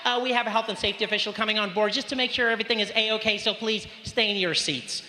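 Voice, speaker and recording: A man's voice: high-pitched, steady tone, fast talker, bright, forceful tone, pitched above the performer's own voice. A man voicing a polite female flight attendant making cabin announcements in a sing-song tone. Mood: announcing. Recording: echoey stage with audience noise.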